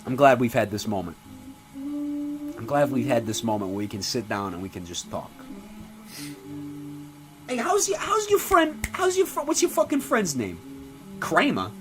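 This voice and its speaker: A man's voice: measured pace, long pauses, over music. A man playing a foul-mouthed, brash middle-aged father in a comedy sketch, rambling and ranting with lots of swearing. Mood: boasting. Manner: profane rambling rants with animated pitch swings. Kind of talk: comedy sketch character monologue.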